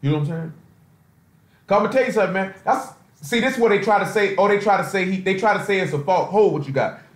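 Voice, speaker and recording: A preacher delivers an informal sermon over a conference call, loose and streetwise, packed with rhetorical asides. His voice is high and fast. The room has a roomy echo.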